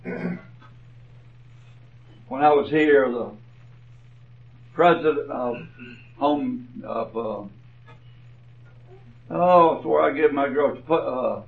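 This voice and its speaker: A man preaching a sermon, telling stories slowly and deliberately, his phrases often trailing off softly. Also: medium pitch, gravelly. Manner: slow, deliberate storytelling with soft trailing phrases. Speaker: pastor. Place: church. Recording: dull, distant church recording.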